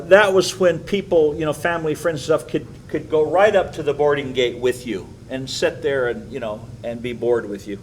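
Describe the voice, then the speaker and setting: An older man, a pastor, teaching a Bible study with animated, chuckling storytelling in a church. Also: fairly high pitch, a little hiss or hum, low-quality recording.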